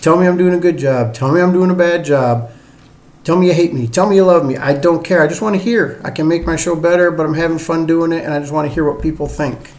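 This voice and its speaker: A man's voice: fairly high pitch, fast talker, darkish tone. A middle-aged man with a mixed Northern and Southern US drawl, hosting a casual solo sports show in a rambling, chatty, self-deprecating way. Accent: mix of Northern US and Southern US drawl. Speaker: sports podcast host.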